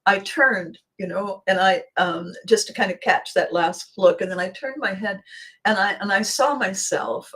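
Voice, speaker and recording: A woman hosting a podcast, telling a funny personal anecdote in an animated way and laughing often. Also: lowish voice. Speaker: podcast host. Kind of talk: storytelling anecdote.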